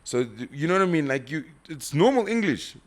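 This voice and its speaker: A man's voice: a little high, very animated, brisk. A man from South Africa hosting a casual podcast chat, talking through his points at length with restarts. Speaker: podcast host.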